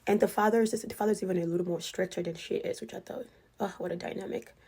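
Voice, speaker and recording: Woman, raspy and a bit gravelly, casual storyteller, filler-heavy delivery. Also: mid-range voice, fairly even intonation, fast talker, warm tone. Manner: chatty, leans heavily on "like" as a filler. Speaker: storyteller sharing experiences with a wealthy family.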